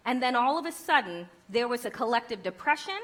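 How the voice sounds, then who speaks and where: A woman's voice: fairly high pitch, animated, brisk, a bit bright. A woman giving a conference keynote speech, emphatic and rhetorical, with wry humor. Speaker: keynote speaker.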